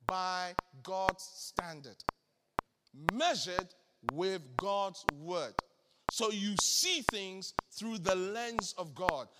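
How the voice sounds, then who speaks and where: A high-pitched man preaches with insistent repetition, putting questions straight to the congregation. His voice rings with long reverb, as if in a large hall. Heavy noise sits under it throughout. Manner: emphatic, repeats phrases for effect. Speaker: bishop preaching. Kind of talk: sermon.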